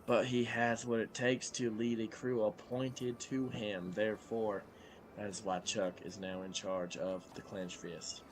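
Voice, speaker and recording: A man's voice: lowish voice, little pitch movement, a little slow, soft background music, lightly acted. A man playing a pompous male governor in a tabletop game, speaking in a grand, folksy drawl. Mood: grandiose.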